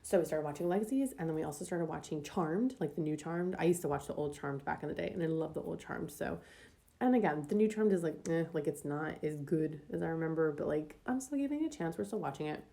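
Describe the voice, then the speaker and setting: A young woman chats through her weekly planner layout in an easygoing, rambling way, stopping often for ums and likes. Her voice sits low and sounds dark, with a gravelly edge. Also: lively intonation, fast. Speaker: planner vlogger. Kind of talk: casual planner decorating voice-over.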